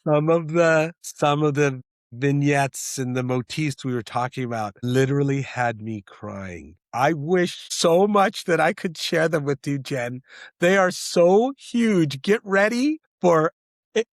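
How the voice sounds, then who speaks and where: Animated, rambling middle-aged man. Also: on the high side, unhurried, no echo, studio quality. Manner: animated, rambling with many restarts. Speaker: screenwriter and director. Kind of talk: interview conversation.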